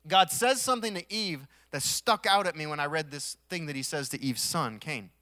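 A man preaching a sermon in a conversational way, swelling to emphatic peaks and dropping to quiet asides, with touches of humor. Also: on the high side, moderate pace, no room sound. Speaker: pastor.

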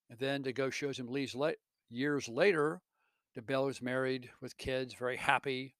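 Male teacher type, earnest story retelling, mid pitch, dry close mic. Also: dry recording. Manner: earnest, with self-corrections.

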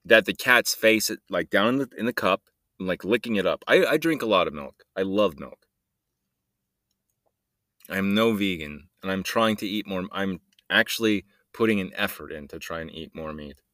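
A man's voice: sits low, normal speed, pushed and bright, no echo, studio quality. A man hosting a solo podcast, rambling and joking in a meandering way and trailing off mid-sentence. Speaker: podcast host.

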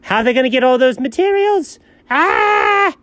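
A man playing a scatterbrained, excitable male buddy in comedy banter, jumping between low mumbles and sudden high yelps. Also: moderate pace, dry recording, exaggerated voice. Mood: goofy. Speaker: co-host.

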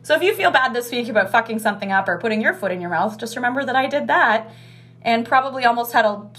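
Young woman ranting bout her restaurant shift, kinda high voice, swears a bunch, says like every other word. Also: expressive, quick pace, fairly bright tone. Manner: chatty, swears freely, heavy use of "like". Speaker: restaurant takeout worker. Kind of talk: casual storytime chat.

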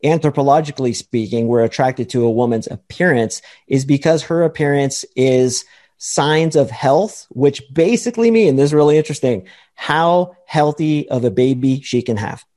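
Mellow-voiced man, emphatic dating coach. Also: medium pitch, moderate pace. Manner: emphatic, lecturing, acts out quoted voices. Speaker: dating coach, podcast guest. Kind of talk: confident explanatory talk.

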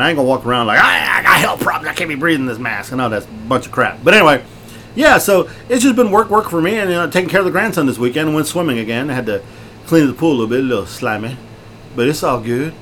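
A middle-aged man co-hosting a podcast, loud, jokey and excitable, laughing often. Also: a little high, fast. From Texas. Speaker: podcast co-host. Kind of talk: casual chat. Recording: faint background noise.

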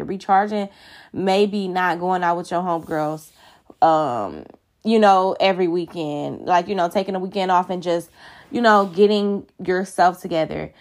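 A woman talks casually and directly to her listeners about self-care, in a chatty, conversational way full of fillers. She sounds a little tired as she goes. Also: fairly low pitch. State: tired, yawning. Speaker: podcast host. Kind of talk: casual motivational talk.

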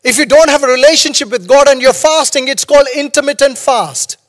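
High-voiced male pastor in a reverberant hall. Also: fairly quick, fairly bright tone. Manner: humorous, conversational preaching with storytelling asides. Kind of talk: sermon.

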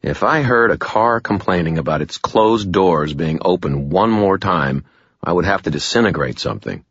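A man narrating a first-person audiobook in a wry, deadpan way. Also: sits low, moderate pace, no room sound, dull audio.

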